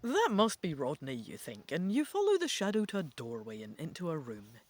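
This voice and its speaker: A man reading an adventure gamebook aloud, stopping to muse out loud over each choice. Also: fairly high pitch, huge pitch swings, normal speed. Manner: musing, thinking out loud. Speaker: gamebook reader.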